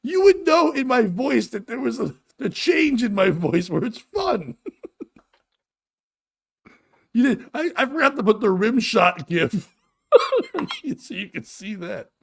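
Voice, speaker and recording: Animated, giggly man hosting a chat show. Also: very high voice, slow, vocal fry, long pauses, slightly rough. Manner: laughs often, crude and mocking; reads out texts and riffs on them. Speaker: host. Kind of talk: casual comedic chat.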